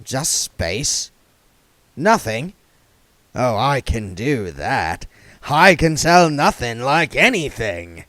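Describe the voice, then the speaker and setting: A man doing a slow, mumbling street hustler. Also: medium pitch, sing-song, fairly bright tone, no echo. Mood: wheedling. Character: shifty middle-aged male street hustler, mournful.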